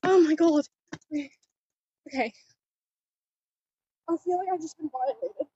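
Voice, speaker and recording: A teenage girl vlogging outdoors at home, chatting in a rambling, giggly, excitable way into a handheld phone. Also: high voice, a little slow. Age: teens. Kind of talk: casual chatty vlog. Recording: dull, muffled phone audio.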